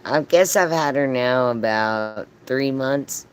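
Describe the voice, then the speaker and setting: A man's voice: medium pitch, slow, clear, resonant tone. A man telling a casual, profane story on a livestream, laughing often as he talks. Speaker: live streamer.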